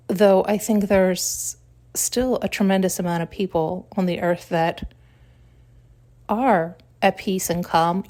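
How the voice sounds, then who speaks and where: A woman hosting a podcast, talking through spiritual ideas in a reflective monologue, musing and searching for words with pauses and self-corrections. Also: on the low side, a little mellow. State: tearful at times. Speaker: podcast host.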